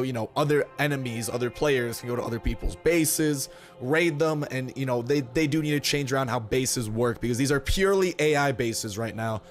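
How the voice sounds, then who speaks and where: A hoarse young man hosting a gaming channel, chatting casually and upbeat with sarcastic asides while he plays. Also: mid-range voice. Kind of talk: casual gameplay commentary.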